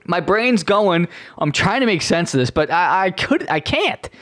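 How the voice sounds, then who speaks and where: Sarcastic young man ranting, high-voiced. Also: big pitch swings, unhurried, a bit bright, dry recording. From Canada. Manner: profane, sarcastic, rambling with restarts. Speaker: podcast host. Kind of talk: casual ranting monologue.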